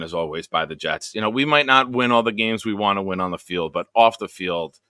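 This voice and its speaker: A man's voice: on the low side, pushed and bright, dry recording, studio quality. A man hosting a casual live stream show, greeting viewers one by one with jokes and upbeat energy. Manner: jokey, upbeat roll call of viewers. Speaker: show host.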